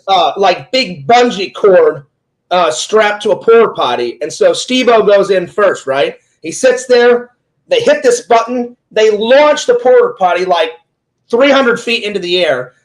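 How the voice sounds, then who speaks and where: High-voiced man hosting a rambling chat. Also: rough recording. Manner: rambling, playful storyteller, joking. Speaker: interview host, Twitch streamer. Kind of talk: casual chat.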